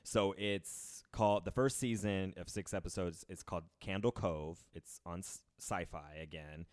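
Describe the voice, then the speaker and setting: Deep-voiced man in his 30s, co-host, loose rambling chat, dry close sound. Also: normal speed, hardly any pauses, darkish tone, dry recording. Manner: rambling, laughs often, trails off into fillers. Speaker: podcast co-host. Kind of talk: casual chat.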